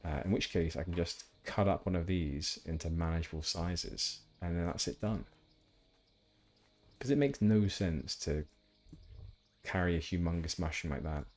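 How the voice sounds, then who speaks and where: A man's voice: sits low, moderate pace. A man chatting casually while streaming a game, rambling with asides. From England. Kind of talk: casual gameplay chat.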